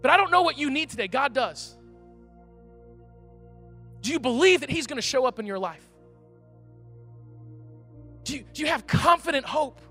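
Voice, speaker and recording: A pastor preaching a sermon, animated and conversational, with emphatic outbursts. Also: male voice, very high voice, normal speed, pauses often. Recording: reverberant hall, faint music.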